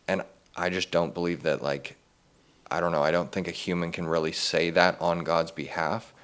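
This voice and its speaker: A man's voice: low-pitched, flat delivery, fairly bright tone, smooth. A man as a podcast guest, speaking earnestly in casual conversation and readily agreeing. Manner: earnest, quick to affirm.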